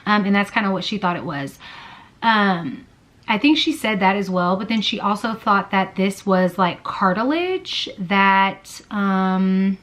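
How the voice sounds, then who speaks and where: A woman's voice: medium pitch, animated, measured pace, fairly bright tone. A woman vlogger telling a personal story in a casual, chatty way, full of fillers and blunt swearing. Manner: chatty, lots of "like" and "girl", swears freely.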